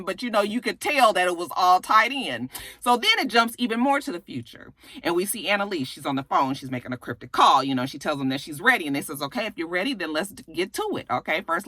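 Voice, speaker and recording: Animated, foul-mouthed woman recapping TV. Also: no echo. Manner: animated, profane, slangy, with shrill exasperated outbursts. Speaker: TV recap reviewer. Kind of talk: casual TV episode recap.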